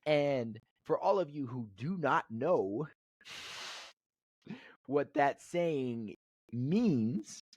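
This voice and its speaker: A man's voice: mid-range voice, animated, drawn-out words, long pauses, a little mellow, no echo, lo-fi sound. A man in his thirties co-hosting a podcast, telling a story in a loose, rambling way with many restarts. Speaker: podcast co-host. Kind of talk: casual storytelling.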